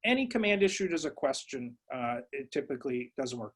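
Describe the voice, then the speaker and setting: A man's voice: medium pitch, big pitch swings, a little fast, a bit bright, slightly rough. A psychology professor giving a webinar lecture to educators, speaking conversationally with lots of uh and um fillers and telling stories from his own early work.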